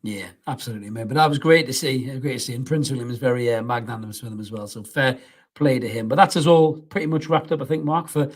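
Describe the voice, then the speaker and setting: Male football podcast host, husky and sniffly from a cold, talks quickly, banters. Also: mid-range voice. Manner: bantering, calls everyone mate. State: has a head cold, sniffly. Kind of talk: casual chat.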